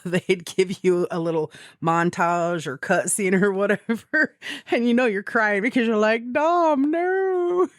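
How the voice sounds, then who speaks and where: A woman's voice: fairly low pitch, dry recording, studio quality. A woman co-hosting a podcast, telling gaming stories in casual chat, swearing freely and acting out her own quoted thoughts, from the American Midwest. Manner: swears freely, animated storytelling with quoted asides. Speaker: podcast co-host.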